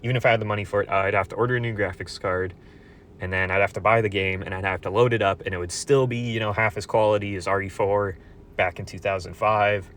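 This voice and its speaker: Brief: twenty-something guy, low voice, swearing a lot, rambling vent with lots of restarts. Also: fairly even intonation, quick pace, fairly bright tone, slight background noise. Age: 20s. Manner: profane, rambling, frequent restarts. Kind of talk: casual venting monologue.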